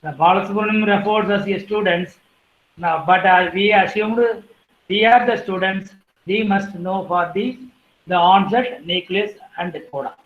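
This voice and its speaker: A woman giving an academic lecture, listing terms one by one and clearing her throat now and then. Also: mid-range voice, normal speed, echoey room, narrow, tinny audio.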